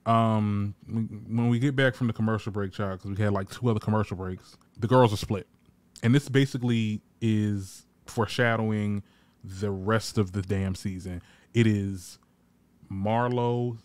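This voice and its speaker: This reality TV reviewer has a lowish, clear voice with a resonant tone. Recapping an episode in a casual, sassy, blunt style, he swears freely and performs what the cast said with lively, animated delivery.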